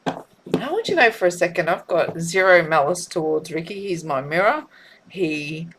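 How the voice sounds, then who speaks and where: Lady doing a tarot vlog, lowish voice, emotional and halting, keeps repeating herself. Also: expressive, noisy background. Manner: tearful, heartfelt, halting with repeats. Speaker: tarot reader.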